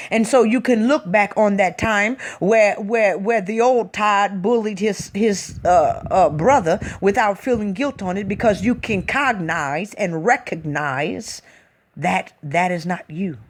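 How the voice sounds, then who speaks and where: A woman's voice: medium pitch, slow. A woman hosting a spiritual talk, speaking in an emphatic, preachy casual style and often tossing in a rhetorical "hmm?". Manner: reads out listener comments.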